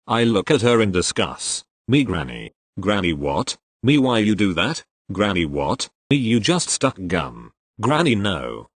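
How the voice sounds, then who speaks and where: A synthetic man's voice reading online posts aloud as a narrator, in an even, mechanical delivery that speaks symbol and emoji names aloud. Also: lowish voice, unhurried, hardly any pauses, husky, no echo. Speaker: story narrator.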